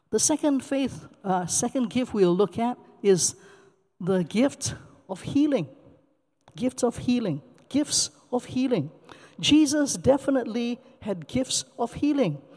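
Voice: medium pitch, darkish tone. A pastor preaching a sermon, telling a story and repeating key words for emphasis, with a long hall reverb.

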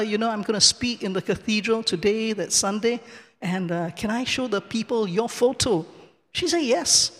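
A man giving a personal testimony in a cathedral, telling the story in a lively way, acting out the dialogue and chuckling often. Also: high-pitched, big-room sound. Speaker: church speaker giving testimony. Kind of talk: personal testimony told from the pulpit. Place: large cathedral.

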